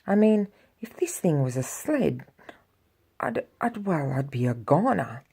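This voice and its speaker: A sour, disgusted storybook grouch, put on by a woman reading aloud. The voice drops lower and grumbles with scorn. It is dark and gravelly. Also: very animated, a little slow, heavily acted. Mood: annoyed. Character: grumpy green male creature, sour and disgusted.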